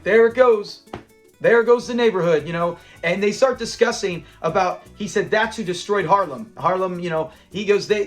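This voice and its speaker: A man hosting a channel, casually breaking down a classic sitcom episode, retelling scenes and acting out the lines with frequent laughs. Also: high voice.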